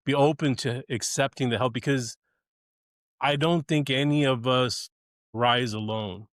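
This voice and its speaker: A man as a podcast guest, speaking earnestly and reflectively in a measured conversational way. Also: medium pitch, no echo, studio quality. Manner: earnest and measured, with small restarts. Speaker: podcast guest, leadership strategist.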